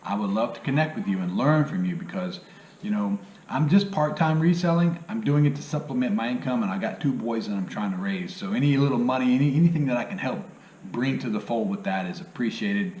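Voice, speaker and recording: A man's voice: mid-range voice, expressive, fairly quick, darkish tone. A man with a hillbilly accent chatting casually about reselling in a rambling, folksy way, often tossing in "you know what I mean.". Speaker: reselling vlogger. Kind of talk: casual vlog talk. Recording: echoey room with faint ambient noise.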